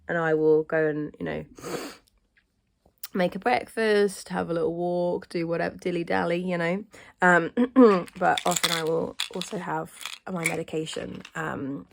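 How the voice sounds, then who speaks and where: A woman talks through a casual vlog, her voice lowish and edged with gravelly fry. She rambles and restarts with plenty of ums, sounding stuffy-nosed from hay fever. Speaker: vlogger.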